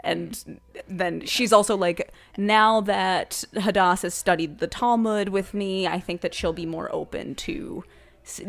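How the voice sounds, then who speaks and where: A woman's voice: mid-range voice, a little slow, gravelly. A woman co-hosting a laid-back podcast, adding details and corrections to a movie retelling. Her talk is chatty, and she quotes the characters along the way. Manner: chatty, corrects and adds details, laughs often. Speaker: podcast co-host. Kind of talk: casual chat recapping a movie.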